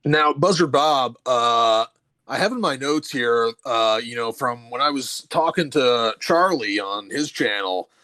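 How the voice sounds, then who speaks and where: A man hosting a call-in comedy stream, questioning a caller haltingly from his notes. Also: medium pitch, expressive, pushed and bright, dry recording. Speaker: host. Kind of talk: mock-serious interview.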